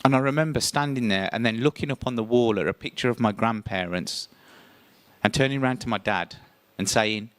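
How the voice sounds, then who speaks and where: A man telling a first-person story on stage, lively and theatrical, his voice rising sharply when he acts out tense moments. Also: mid-range voice, fairly quick, no room sound. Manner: animated, voice jumps up when acting out scenes.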